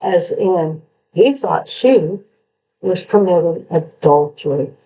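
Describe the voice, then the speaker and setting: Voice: mid-range voice, expressive, takes it slowly, warm tone, dull audio. A true crime commentator analysing a confession letter, who lectures with emphasis and asks rhetorical questions.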